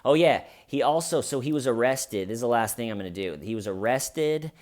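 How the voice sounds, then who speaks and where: A man casually retelling a story on his comedy channel, animated and amused, often restarting his sentences. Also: mid-range voice, fairly quick.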